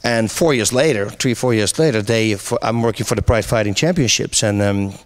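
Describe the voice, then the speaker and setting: Animated middle-aged man telling stories. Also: fairly low pitch, brisk. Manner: animated storyteller, laughs often, many restarts. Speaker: interview guest, MMA commentator. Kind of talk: casual interview chat.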